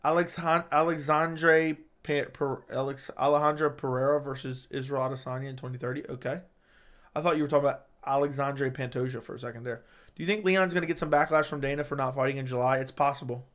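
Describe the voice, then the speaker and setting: A man hosting a casual livestream, reading viewer questions out loud and answering them in a chatty, joking way. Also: medium pitch, fairly even intonation, fast. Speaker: livestream host.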